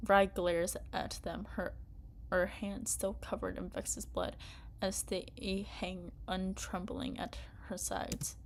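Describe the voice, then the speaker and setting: A woman streamer reading a story game aloud at a slow pace in a mid-pitched voice. Between passages she rants loudly and laughs at the characters. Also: little pitch movement, slight background noise. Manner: reads narration aloud, then rages loudly with laughter.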